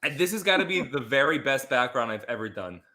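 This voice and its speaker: Brief: playful male co-host tossing out silly one-liners, animated swooping voice. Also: medium pitch. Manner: goofy banter, quick quips. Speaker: livestream co-host. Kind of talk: casual group chat.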